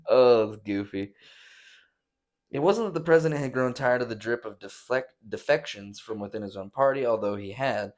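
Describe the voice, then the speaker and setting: A young man hosts a loose, casual podcast, reading a news piece aloud and then tearing into it with swearing and mocking put-on voices. His voice sits at a middling pitch, and his delivery swings between flat reading and shouted outrage. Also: normal speed. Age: young adult. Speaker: podcast host. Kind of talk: casual rant reacting to news.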